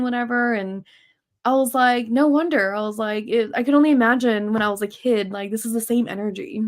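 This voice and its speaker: Woman talk show host, kinda high voice, chatty and open, lots of "like". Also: brisk. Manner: candid, animated storytelling with many fillers. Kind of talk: casual personal conversation.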